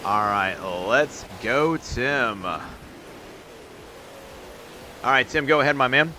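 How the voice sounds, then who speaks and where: A man streaming and giving quick, upbeat live commentary on viewer runs in a game, calling scores and turn order. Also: medium pitch, animated, pushed and bright, a little hiss or hum. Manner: upbeat, quick hype calls with laughs.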